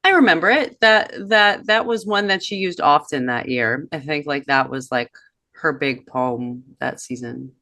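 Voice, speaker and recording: Bright-voiced woman co-hosting a podcast. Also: sits low, animated, unhurried, dry recording, clean studio sound. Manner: reflective, reads off old notes, many fillers. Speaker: podcast co-host. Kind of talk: casual chat.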